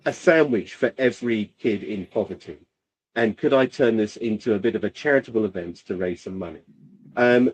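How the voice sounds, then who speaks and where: On a casual podcast chat, a UK man co-hosts, rambling loosely and leaning on plenty of fillers. His voice is on the low side, darkish and slightly rough, and the audio quality is poor.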